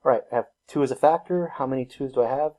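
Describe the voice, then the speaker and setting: A fast-talking man with a mellow mid-range voice leads a recorded math lesson. He breaks the work down step by step, joking at his own expense and laughing at himself.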